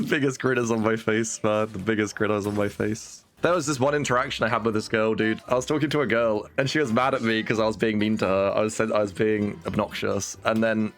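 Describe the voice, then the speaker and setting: A man's voice: fairly low pitch, steady tone, brisk, few pauses, soft background music. A man streaming a game, chatting casually in a rambling, joking way and swearing often. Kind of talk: casual gameplay chat.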